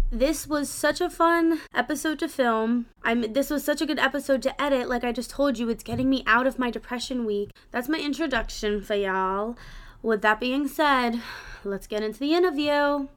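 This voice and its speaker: A woman's voice: a little high, fairly bright tone. A young woman hosting her own podcast in a casual, rambling way, restarting sentences and laughing at herself. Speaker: podcast host.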